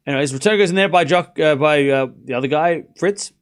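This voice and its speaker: A man's voice: on the high side, a little fast, smooth. A man streaming a live tennis watchalong, calling points and teasing viewers with playful mock outrage. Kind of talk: live watchalong commentary and chat banter.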